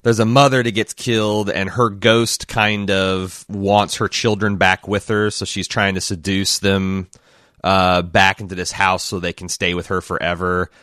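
A man's voice: low voice, level tone, measured pace, a bit bright, no echo, studio quality. A man hosting a podcast, talking casually in long, rambling turns with frequent restarts. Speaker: podcast host. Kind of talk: casual discussion and read-aloud.

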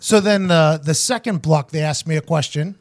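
A man hosting a podcast, telling a story in casual chat, quoting others in quick asides. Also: a little high. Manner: animated, quotes people in quick asides. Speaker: podcast host.

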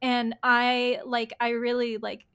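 A woman's voice: on the high side, level tone, slow pace, fairly bright tone, clean tone. A young adult woman hosting a podcast, gushing and peppering her speech with "like". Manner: gushing, heavy use of filler "like". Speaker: podcast host. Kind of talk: casual podcast conversation.

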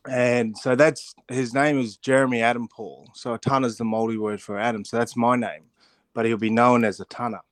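A middle-aged man, a rugby pundit on a weekly radio spot, telling stories in an animated way, laughing often and restarting his sentences. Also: mid-range voice, a little fast, dry recording. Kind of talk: casual radio chat.

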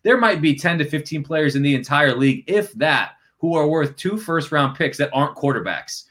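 Man telling a lively sports story. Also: a little high, normal speed. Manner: animated, acts out quotes in shifting voices. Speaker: sports reporter. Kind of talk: casual storytelling on a podcast.

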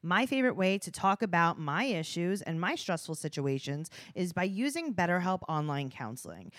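Lady host doing an ad read, lowish voice, dry mic. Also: dry recording. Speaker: podcast host reading an ad. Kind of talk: scripted ad read.

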